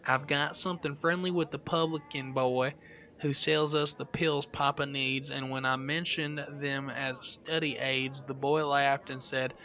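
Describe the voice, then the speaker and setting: A man's voice: medium pitch, bright, forceful tone, highs cut off. Man reading as a secretive rural letter writer. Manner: slow, measured, old-fashioned phrasing. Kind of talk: reading a letter aloud in a put-on voice.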